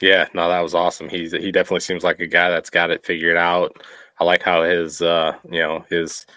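Male podcast co-host with a very deep voice and an easygoing manner, recorded close and dry. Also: monotone, a little fast, no echo. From United States. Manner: easygoing, mellow storyteller. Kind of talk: casual chat.

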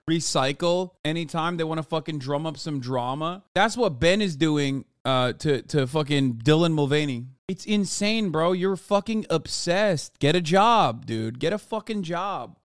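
A man's voice: a little high, clean tone, no room sound, studio quality. A man streaming reaction commentary, ranting in a heated, profane way.

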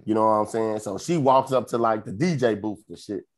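A young man with a Chicago accent, telling a long story in casual podcast chat, full of swearing, who jumps into high voices to quote people. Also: fairly quick, darkish tone. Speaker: podcast co-host.

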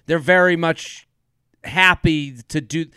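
A man co-hosting a podcast, chatting casually with a smooth, resonant voice pitched a little high. He laughs easily and circles back on himself as he talks. The sound is close and dry. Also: steady tone, slow, pushed and bright, dry recording. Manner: laughs often, rambling with restarts. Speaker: podcast co-host. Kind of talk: casual chat.

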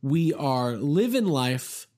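A young man hosting a podcast in casual chat, excitable and rambling, poking fun at himself. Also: fairly high pitch, slow. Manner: excitable, rambling, self-mocking. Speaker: podcast host.

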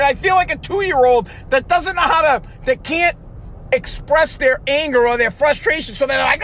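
A man's voice: very high-pitched, moderate pace, fairly bright tone, a little hiss or hum. A man hosting a solo podcast, ranting in an aggravated, profane way with many restarts, recorded in his car. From United States. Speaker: podcast host. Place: in a parked car.

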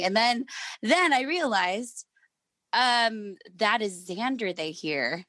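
A woman's voice: a little high, lively intonation, slow, fairly bright tone, dry recording. A woman in her thirties, a manager and parent, telling a story in casual chat and acting out the quotes.

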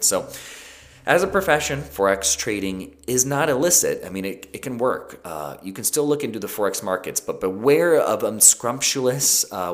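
Male podcast host with a lowish voice, loose and chatty, many fillers and restarts. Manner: conversational, with frequent fillers and self-corrections. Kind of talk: casual solo podcast talk.

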